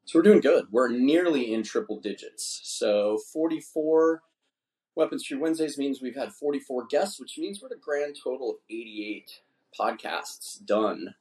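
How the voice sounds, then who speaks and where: A man's voice: medium pitch, lively intonation, moderate pace, a little mellow. A man hosting a casual podcast chat, rambling and swearing freely. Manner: profane, rambling, laid-back. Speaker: podcast host. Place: indoors, drinking wine.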